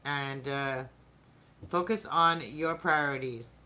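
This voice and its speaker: A woman's voice: extremely low pitch, slow, sharp tone. A woman giving a casual live-streamed tarot reading, chatting to viewers and often restarting her sentences. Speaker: tarot reader.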